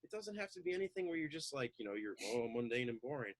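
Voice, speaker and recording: A man chatting loosely on a talk show, loud and excitable, acting out little quoted voices as he goes. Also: medium pitch, fast talker, no echo, rough recording. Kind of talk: casual chat, animated storytelling.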